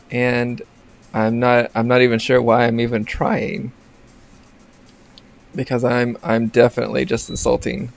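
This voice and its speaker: A man with a gravelly, fry-laced voice at a mid pitch chats casually over gameplay. He rambles, restarts sentences and cracks jokes in a relaxed commentary. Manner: joking, rambling, self-interrupting. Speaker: gaming channel host. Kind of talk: casual let's play commentary.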